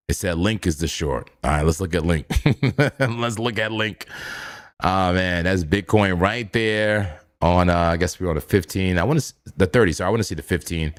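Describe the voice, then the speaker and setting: A man casually commenting on live trading charts, laid-back, chuckling often and repeating his phrases. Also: low-pitched. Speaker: crypto trading streamer.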